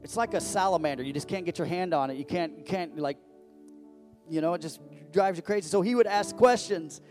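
A man's voice: sits high, fairly quick, a little mellow, faint music behind. A man preaching a sermon as pastor, talking conversationally and breaking into sudden emphatic rises.

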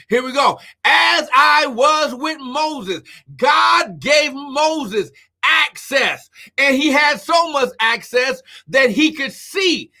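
A man preaching a live-streamed sermon, fervent and often shouting, who keeps repeating "come on now" and breaks into speaking in tongues. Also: very high voice.

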